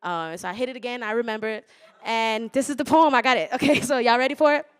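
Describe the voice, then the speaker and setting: A young woman performing spoken word poetry, with rhythmic, measured recitation and loose, laughing, swearing banter between poems. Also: fairly high pitch, clear, resonant tone.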